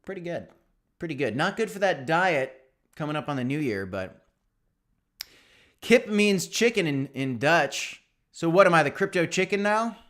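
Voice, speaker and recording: Upbeat young guy chatting on a livestream, kinda high voice, reads comments and answers em. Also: lively intonation, normal speed, long pauses, fairly bright tone. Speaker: crypto channel host. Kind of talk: casual livestream chat reading viewer comments.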